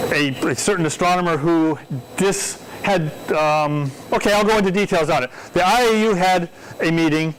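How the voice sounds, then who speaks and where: A high-voiced man lectures on astronomy to a live audience, loose and chatty, wandering into asides and checking in with the room. A faint hum of background noise sits under his voice. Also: low-quality recording. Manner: conversational, digressive, asks audience questions. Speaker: astronomy speaker. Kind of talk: public science talk.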